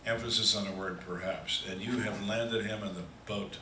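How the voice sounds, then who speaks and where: An older man, a retired detective, takes questions from an audience in a large cruise ship hall, telling stories in a dry, plainspoken way and acting out quoted voices. His voice is lowish and fairly even, at a moderate pace with hardly any pauses. The recording is distant and echoey, with a noisy background.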